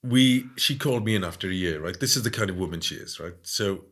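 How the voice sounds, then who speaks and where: A man telling stories in a casual interview, animated and often adding "right?". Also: low voice, quick pace, breathy edge. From Wales. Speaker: guest.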